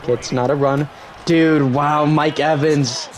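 A young man giving live commentary on his own football video game, cheering loudly on big plays and grumbling when things go wrong. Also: fairly high pitch, fairly even intonation, a little slow. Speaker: gaming YouTuber.

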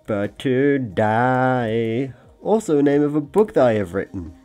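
A man in the middle of his range, drawling through casual game commentary with an unhurried pace. He rambles and jokes, often talking straight to the creatures on screen, with faint music underneath. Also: medium pitch, expressive, darkish tone. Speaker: gaming video creator. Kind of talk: casual let's-play commentary.

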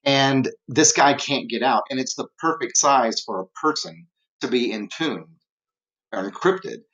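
A man's voice: medium pitch, a little slow, fairly bright tone, husky. Rambling male teacher with slightly dull audio. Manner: rambling, conversational, many fillers. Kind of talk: casual literature lecture.

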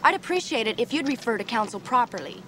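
A woman's voice: fairly high pitch, very animated, fast talker, sharp tone, a little hiss or hum. An actress playing a poised young law student in her twenties, formal and probing as she questions a witness. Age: 20s. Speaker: law student taking a deposition.

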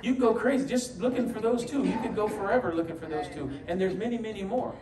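A high-voiced, fast-talking New York man preaches a sermon as pastor, telling stories with humorous asides and acting out the voices he quotes. He's recorded in a church sanctuary from a distant mic, so the hall echoes and faint ambience and crowd noise come through.

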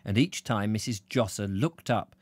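A man giving a live reading of a novel, with relaxed, chatty asides to his viewers between passages. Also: fairly low pitch, moderate pace, slightly rough, no room sound. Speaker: reader, host of live reading.

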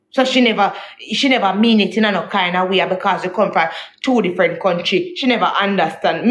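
A woman's voice: fairly high pitch, fairly bright tone. A young woman, telling her viewers a heated, indignant story about a partner, repeating herself as she vents. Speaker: vlogger. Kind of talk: emotional storytime rant to viewers.

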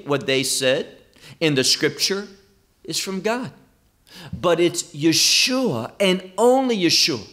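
A man teaching through a Bible passage verse by verse, speaking slowly and with emphasis. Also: a little high, bright, forceful tone. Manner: slow, emphatic, quoting scripture verse by verse.

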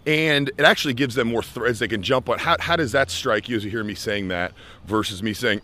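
A young man from the United States tells an advice story with lively energy. He slips into other people's voices when he quotes them. He talks at a middle pitch, in a casual coaching tone. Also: fairly quick, few pauses. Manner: animated, acts out quoted voices. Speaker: life skills coach.

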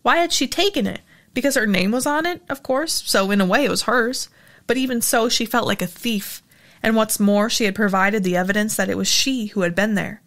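A woman narrating a novel in a steady storytelling manner, as a regular audiobook reader. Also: fairly high pitch, fairly quick. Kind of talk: reading a novel aloud.

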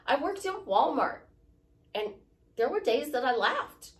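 Very animated yet measured in pace, a woman with a high voice gives a chatty motivational talk as a life coach, recorded from a distant mic. She repeats her points and makes self-deprecating jokes.

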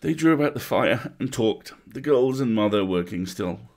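A man reading a classic story aloud at a measured, atmospheric pace, as a bedtime story. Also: medium pitch, expressive.

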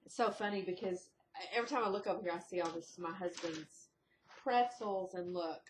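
A woman vlogger chatting casually at home in a rambling video diary, breaking into high, excited exclamations. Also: fairly quick, a little hiss or hum. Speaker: diet vlogger. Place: indoors at home.

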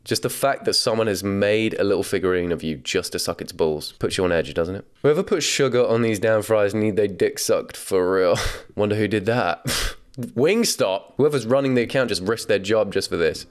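Low-voiced young man doing comedic commentary. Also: normal speed. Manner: wry, laughs often, casual swearing. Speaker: commentary host.

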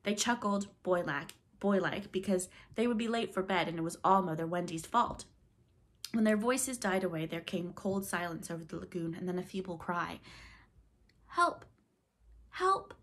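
Woman narrator for a children's audiobook, gentle and measured, lowish voice. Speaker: storybook reader.

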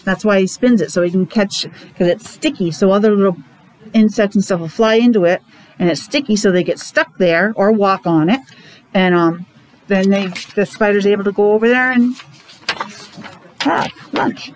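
A woman's voice: mid-range voice, normal speed, a little hiss or hum, poor audio. A woman teacher reading a picture book aloud to young children, stopping often to explain the story. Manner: animated storytelling, stops to explain to young listeners.

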